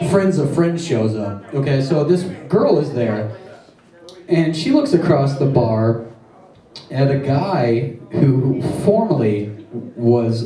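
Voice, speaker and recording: A man's voice: medium pitch, warm tone. A man doing a stand-up comedy set on a stage, telling crude, rambling jokes with self-deprecating asides. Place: comedy stage before a live audience. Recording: echoey room, mic at a distance.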